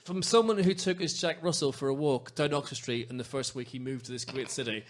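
A man's voice: medium pitch, fairly quick. A man from Northern Ireland with a Northern Irish accent, hosting a podcast in rambling, jokey casual chat. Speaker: podcast host.

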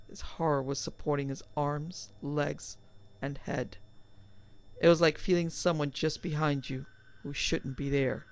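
A woman reading a horror story aloud in a measured, dramatic narration. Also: deep voice, a little mellow. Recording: slightly dull, dry recording.

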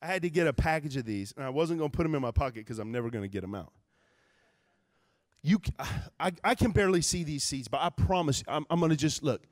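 Texas-accented pastor, man, high voice, dry close sound; loud preaching mixed with quiet, chatty asides. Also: animated, fast talker, dry recording. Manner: conversational, humorous, with many fillers. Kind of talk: live sermon. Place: church sanctuary.

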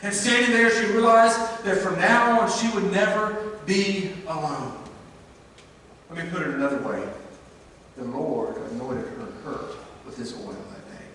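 A man preaching a sermon, telling a story in an earnest way, dropping to a hush and then rising to emphasis. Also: sits high, a little slow, slight background noise. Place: church sanctuary. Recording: echoey church hall, mic at a distance.

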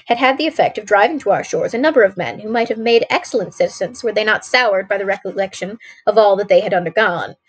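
A woman's voice: mid-range voice, slightly rough. A woman streamer reading a classic mystery aloud, steadily and with occasional self-corrections. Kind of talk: story read-aloud.

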